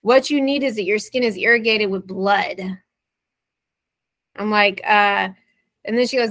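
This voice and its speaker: A woman's voice: medium pitch, a little slow, pauses often, fairly bright tone, dry recording. A woman in her thirties, a guest recounting a bad experience, quoting messages back and forth with a wry, exasperated manner. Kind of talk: interview storytelling.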